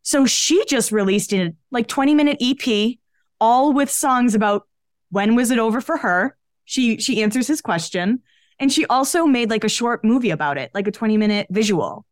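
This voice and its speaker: A chatty woman co-hosting a pop-culture podcast, her voice sitting a little high. She talks in a casual, gossipy way, sprinkling "like" through her sentences, and the sound is dry and close. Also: animated, moderate pace, no echo. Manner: chatty, gossipy, frequent "like" fillers. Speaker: podcast co-host.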